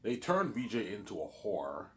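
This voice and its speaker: A man talking in a casual, rambling monologue, halting and repeating himself often. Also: lowish voice, wildly swooping pitch, slight background noise. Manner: repetitive, halting, many restarts. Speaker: vlogger.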